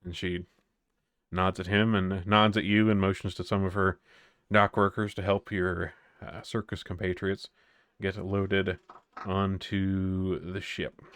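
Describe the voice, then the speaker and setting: A man narrating as game master of a tabletop game, relaxed and descriptive. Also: deep voice, unhurried, clean tone, no room sound.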